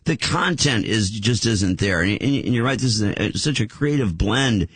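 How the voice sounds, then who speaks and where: Husky enthusiastic radio co-host man. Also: on the low side, animated, moderate pace, no echo. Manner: effusive praise, enthusiastic. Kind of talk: casual radio interview.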